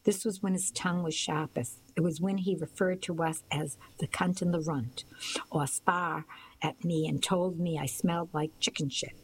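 Low-voiced woman narrating a novel. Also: a little hiss or hum, rough recording. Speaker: audiobook narrator. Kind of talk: first-person novel narration.

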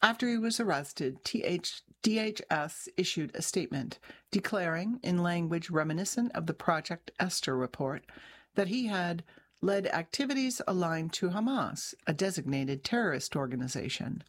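A woman journalist reading her own article aloud in a measured, even way, with an occasional restart. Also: on the low side. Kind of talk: scripted narration.

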